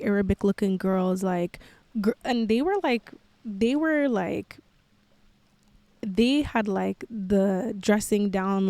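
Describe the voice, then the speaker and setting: A woman's voice: mid-range voice, warm tone, dry recording. Candid young woman telling a personal story. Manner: candid, filler-heavy with frequent "like". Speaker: podcast host.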